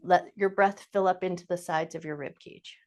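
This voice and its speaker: A woman teaching chair yoga, calmly cueing each breath and movement in short, slow phrases. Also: on the low side. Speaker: yoga instructor. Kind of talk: guided chair yoga instruction.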